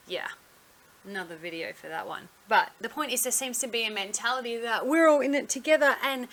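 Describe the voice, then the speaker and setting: A woman's voice: fairly high pitch, brisk, fairly bright tone. A woman telling a story on her vlog in a blunt, sarcastic way, swearing freely. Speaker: vlogger.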